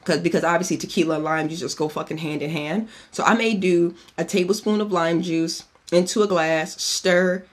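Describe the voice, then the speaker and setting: A podcast host with a highish voice shares a cocktail recipe at a normal speed and with few pauses. The casual chat is chatty and profane, and he keeps wandering off on tangents.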